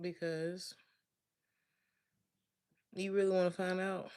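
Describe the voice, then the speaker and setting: Chatty low-voiced woman reading tarot. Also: fairly even intonation, takes it slowly, long pauses, darkish tone, clear, resonant tone. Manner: chatty, laughs often, speaks straight to listeners. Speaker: tarot reader. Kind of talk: casual tarot reading to viewers.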